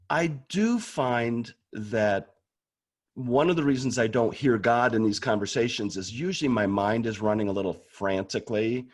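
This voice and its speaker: A man talking casually and candidly about prayer, often restarting words as he goes. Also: mid-range voice. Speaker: guest speaker on prayer. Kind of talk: casual conversational talk.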